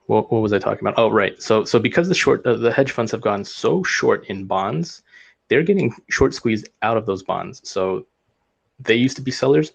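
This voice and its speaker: Gravelly low-voiced man explaining markets. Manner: earnest, explanatory, loses his thread. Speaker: guest speaker. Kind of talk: casual market discussion.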